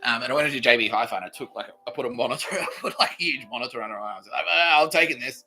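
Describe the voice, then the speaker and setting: A man hosting a comedy podcast, telling a rambling, profane story that swings between loud outbursts and muttered asides. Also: medium pitch, very fast, slight background noise, low-quality recording. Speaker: podcast host.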